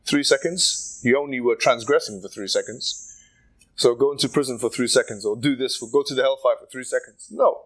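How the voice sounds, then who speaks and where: A man debating in public, laying out his argument in a measured way and building it from examples. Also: medium pitch, fairly bright tone, rough recording. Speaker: street debater.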